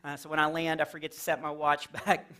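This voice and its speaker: A man's voice: fairly high pitch, completely flat delivery, fairly quick, sharp tone. Playful man doing church stand-up. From Texas. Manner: playful, chatty, jumps into silly character voices. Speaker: stand-up comedian. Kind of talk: stand-up comedy set. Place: church fellowship hall with a live audience.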